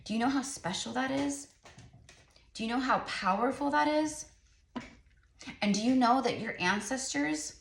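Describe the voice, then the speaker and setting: A woman's voice: a little high, measured pace, creaky, long pauses. Earnest woman tarot reader, echoey room. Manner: earnest, repetitive, encouraging, chatty. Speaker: tarot reader and psychic medium. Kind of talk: spiritual tarot reading to camera.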